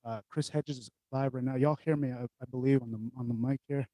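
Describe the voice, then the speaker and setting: A man's voice: mid-range voice, fairly even intonation, a little fast, dark tone, no room sound. A man reporting live on foot from an outdoor rally, chatting loosely to viewers and interviewing passersby, with casual swearing and frequent restarts. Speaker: street reporter livestreaming.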